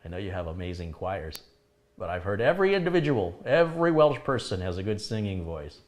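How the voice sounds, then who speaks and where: A chatty middle-aged man hosts a live stream and reads out viewer messages. His voice sits a bit low, and he answers each message in a loose, conversational way. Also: big pitch swings, a little fast. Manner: chatty, laughs at his own remarks. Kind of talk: casual live chat, reading viewer comments.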